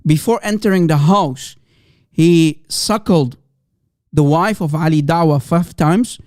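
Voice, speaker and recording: A fairly high-voiced man hosts a live reaction stream, laughing and egging on his viewers. His sound is close and dry, with no room around it. He keeps up a mocking, excitable patter. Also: a little slow, no room sound. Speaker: livestream host.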